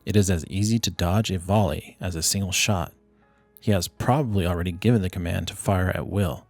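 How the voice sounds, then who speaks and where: A man voicing a hunted fugitive who thinks through his escape in measured, inward speech. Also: low-pitched, gravelly, darkish tone, dry recording, soft background music. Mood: tense reasoning. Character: hunted male fugitive reasoning in desperation.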